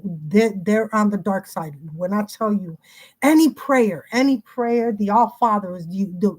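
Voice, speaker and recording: A woman's voice: mid-range voice, darkish tone. A middle-aged woman livestreaming from home, agitated and rambling, often restarting her sentences. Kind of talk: casual livestream talk.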